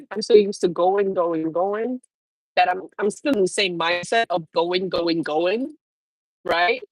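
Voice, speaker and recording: A woman's voice: fairly low pitch, no echo, poor audio. A woman hosting a casual livestream, talking loosely with her chat, swearing freely and laughing often. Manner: loose, profane, laughing, talks back to chat. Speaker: trucker livestream host.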